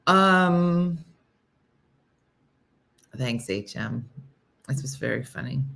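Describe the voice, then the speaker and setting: Low-voiced woman chatting casually. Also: animated, very slow, vocal fry, fairly bright tone. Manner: chatty, rambling, reads viewer comments aloud. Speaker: live show host. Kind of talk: casual live-stream chat.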